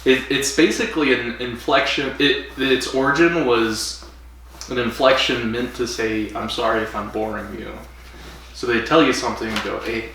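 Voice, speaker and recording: A man's voice: medium pitch, steady tone, moderate pace, a bit bright, far from the mic. A man co-hosting a casual podcast, joking and laughing as he recaps an episode. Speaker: podcast co-host. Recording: very echoey room, off mic, faint noise.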